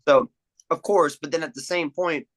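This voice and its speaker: A man's voice: on the high side, normal speed, a bit bright, low-quality recording. A young man in casual podcast chat, swearing freely and acting out movie lines. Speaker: podcast guest.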